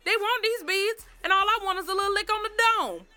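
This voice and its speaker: A woman's voice: extremely high pitch, fast, pushed and bright, pitched above the performer's own voice, heavily acted. A woman voicing a crude, boastful drunk young man out partying.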